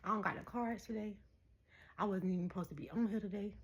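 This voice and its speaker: A woman in her thirties talking straight to her viewers in a casual spiritual message, animated and preachy, laughing often. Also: mid-range voice, quick pace, muffled recording. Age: 30s. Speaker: spiritual vlogger.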